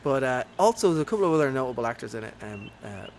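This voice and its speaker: A man's voice: mid-range voice, big pitch swings, racing, creaky, slight background noise. A man co-hosting a casual movie chat, enthusiastic and rambling, with many ums and uhs. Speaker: podcast co-host.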